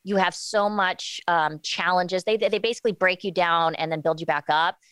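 A woman's voice: fairly low pitch, a bit bright, smooth, dry recording. A woman in her forties talking candidly as an interview guest, often restarting her sentences. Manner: candid, halting with many restarts. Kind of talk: casual interview talk.

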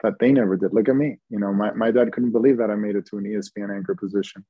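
A man guest talking in a relaxed, easygoing way in an interview, with lots of ums and restarts. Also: fairly low pitch, rapid-fire, slightly rough, no room sound, highs cut off. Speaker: guest, TV host and founder. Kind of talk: casual interview chat.

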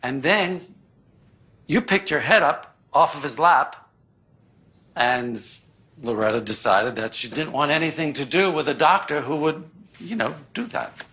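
A man in a sitcom scene who explains an awkward event in a halting way. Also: a little high, animated, sharp tone, heavily acted. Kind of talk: sitcom dialogue.

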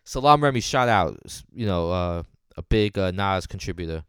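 A man co-hosting a casual album review chat, easygoing and quick to laugh along. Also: low-pitched, lively intonation, smooth, dry recording. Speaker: podcast co-host reviewing an album.

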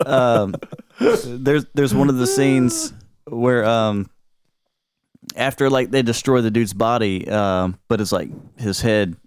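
A man co-hosting a casual movie-review chat, halting and hesitant, with frequent "um"s and restarts. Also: mid-range voice, background noise. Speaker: podcast co-host.

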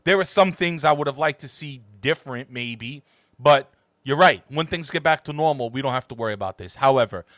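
Bright-voiced opinionated football co-host man. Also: mid-range voice, animated, no echo, studio quality. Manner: opinionated, halting with repeated words. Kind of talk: casual chat.

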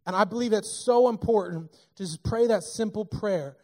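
A man preaching a sermon in a church, talking in a lively, conversational and joking way. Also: sits high, moderate pace. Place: church sanctuary.

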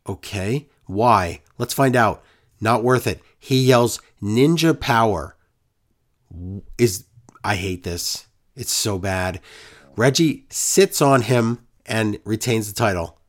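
A man's voice: fairly low pitch, slow pace. A man co-hosting a casual wrestling recap podcast, ranting in a sarcastic, exasperated way.

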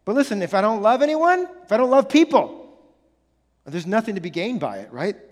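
A man's voice: sits high, very animated, fairly quick, big-room sound. A man preaching a sermon as pastor, earnest and emphatic, repeating key phrases and restarting sentences often.

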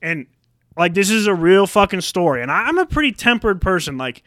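A young man co-hosting a podcast, telling stories in a profane, animated ranting style. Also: high-pitched, brisk. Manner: profane, animated storytelling with acted-out quotes. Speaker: podcast co-host. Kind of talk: casual ranting chat.

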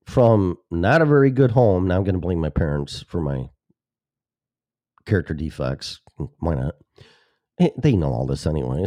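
On the low side and mellow, his voice comes through at studio quality with no echo. He's a Chicago-suburbs, Illinois talk show host rambling solo in a sarcastic, profane monologue, breaking in on his own sentences.

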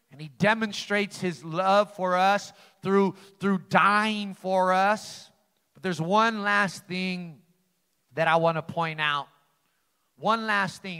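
A male pastor preaching a fervent sermon, repeating key phrases and swinging between soft and loud passages. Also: sits high. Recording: long reverb of a large hall.

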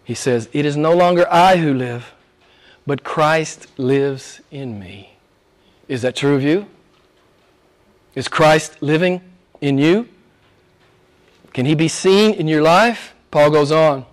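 A man preaching a sermon, rising to loud, high emphatic peaks and dropping to hushed near-whispers, with rhetorical questions and repetition. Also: slow pace, long pauses. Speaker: pastor.

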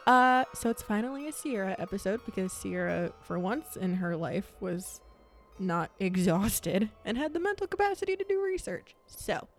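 A woman's voice: medium pitch, big pitch swings, moderate pace, soft background music. A young woman co-hosting a podcast, telling a story in a casual, rambling way with frequent laughs. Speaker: podcast co-host. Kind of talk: casual chat.

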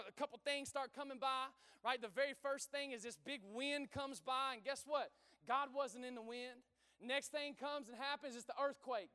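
A man's voice: very high-pitched, sharp tone, clear, resonant tone, long reverb tail. A man preaching a sermon in a church, talking conversationally, asking the congregation questions and repeating his phrases. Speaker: pastor.

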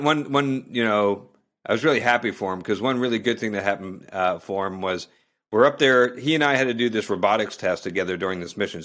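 A man telling a story as a guest in a relaxed conversation, chatty, with frequent restarts and fillers. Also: lowish voice. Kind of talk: casual storytelling.

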